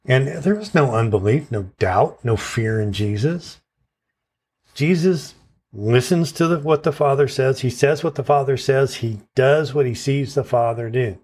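A man's voice: medium pitch, measured pace, darkish tone, slightly rough. A man preaching a sermon in an earnest teaching tone, often checking in with his listeners. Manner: stresses verse words in turn as he recites.

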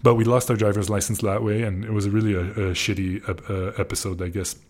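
Guy with a lowish voice ranting through a travel story, cursing lots, tripping over his words. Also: brisk. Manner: profane, excitable, frequent restarts. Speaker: podcast host. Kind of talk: casual storytelling.

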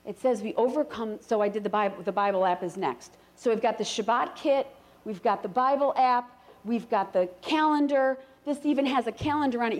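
A middle-aged woman preaching to a congregation in a lively, conversational way. Her voice swoops up and down as she talks, and it climbs high and strong when she leads the room in prayer. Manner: conversational, animated, rising to fervent prayer. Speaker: speaker at a church gathering. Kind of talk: sermon to a live congregation.

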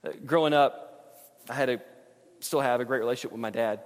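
A man's voice: mid-range voice, brisk, in a large hall. A middle-aged man preaching a sermon as a pastor, talking to the congregation in a conversational way and repeating words when he stresses a point.

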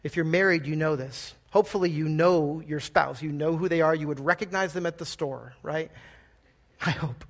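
A man's voice: a little high, moderate pace. A man preaching a sermon in a conversational, emphatic style and often checking in with the congregation with "right?". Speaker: pastor.

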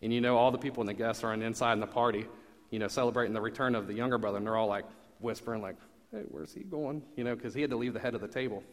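A man's voice: medium pitch, fairly even intonation, racing, long reverb tail. A man preaching a sermon in a casual, conversational way, asking the congregation questions as he goes.

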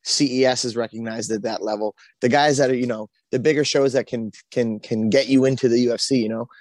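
A man's voice: mid-range voice, fairly even intonation, brisk, a little mellow, dry recording. A man with a Boston accent, a pro fighter as the guest, talking casually and rambling with many restarts. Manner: rambling, full of "you know" and restarts. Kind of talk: casual interview talk.

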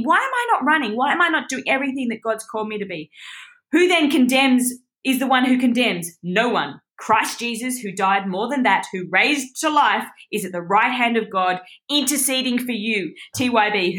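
A woman teaching a devotional Bible study, passionate, her voice rising high in exclamation, near tears. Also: a bit bright. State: teary.

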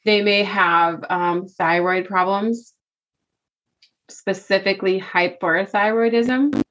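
A woman's voice: mid-range voice, fairly even intonation, slow pace, fairly bright tone. A woman co-hosting a podcast in casual chat, talking freely, thinking aloud and laughing easily. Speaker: podcast co-host. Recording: slightly dull lo-fi sound.

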